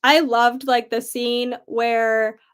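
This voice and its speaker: High-voiced chatty young woman. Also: flat delivery, takes it slowly, clean tone. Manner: chatty, laughs often, many fillers. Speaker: book club discussion participant. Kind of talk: casual book discussion.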